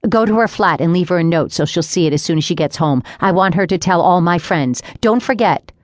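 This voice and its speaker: Woman voicing a smug bossy young mom, low voice, dry close read. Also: lively intonation, brisk, dry recording, natural voice. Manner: smug and self-satisfied. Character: smug, spoiled young new mother.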